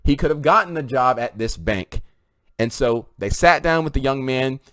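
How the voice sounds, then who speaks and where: A man's voice: medium pitch, lively intonation, moderate pace, fairly bright tone, no room sound. A man talking straight to viewers in an emphatic, preaching opinion monologue. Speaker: commentary video host.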